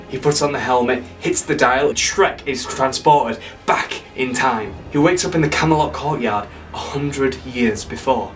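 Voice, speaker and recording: A man's voice: medium pitch, normal speed, few pauses, a bit bright, far from the mic, soft background music. A man retelling an imagined sequel in a casual, comic way, rambling and correcting himself with playful asides. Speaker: storyteller pitching a sequel.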